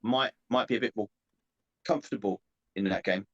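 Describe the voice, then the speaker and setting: A man's voice: fairly low pitch, moderate pace, dull audio. A man co-hosting a casual football podcast, arguing playfully and laughing often. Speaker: podcast co-host. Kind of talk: casual chat.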